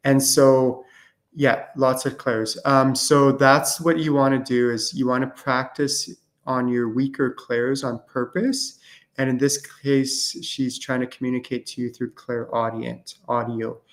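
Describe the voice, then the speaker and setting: A man's voice: mid-range voice, level tone, a little slow. Rambling casual man hosting a live Q&A. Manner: casual, rambling with many fillers and restarts. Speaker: host and spiritual channeling teacher. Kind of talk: live-streamed Q&A talk.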